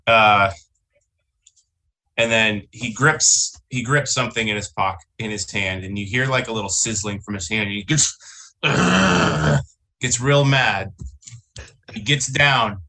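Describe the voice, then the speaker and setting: A man's voice: on the low side, slow pace, pauses often, sharp tone, low-quality recording. A man describing his character's actions as a player in a tabletop game.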